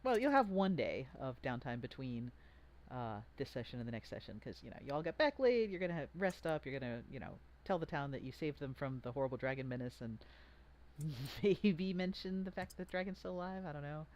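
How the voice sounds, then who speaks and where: This game master talks through rules with a pitch that bounces around a lot, full of jokes and little restarts. The mood is a casual tabletop session among friends. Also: sing-song, brisk. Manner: chatty, joking, full of fillers and restarts.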